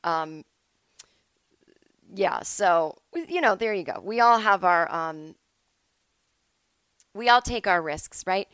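Speaking slowly with frequent pauses, this woman has a lowish, smooth, slightly bright voice and an animated delivery. She records a casual solo podcast from home on low-quality, echo-free audio, rambling and chatting as she keeps interrupting herself.

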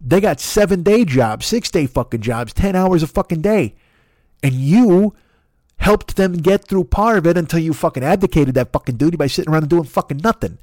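A man voicing a foul-mouthed, tough-love inner voice with a Chicago accent, ranting and scolding in a fast, profane tirade. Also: mid-range voice, expressive, a little mellow, husky, no room sound, clean studio sound. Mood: angry scolding.

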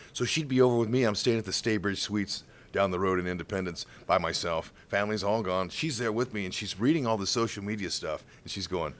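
Middle-aged male sports commentator, interview storytelling, animated, stumbles and repeats when excited. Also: fairly low pitch, brisk, hardly any pauses. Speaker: baseball color commentator.

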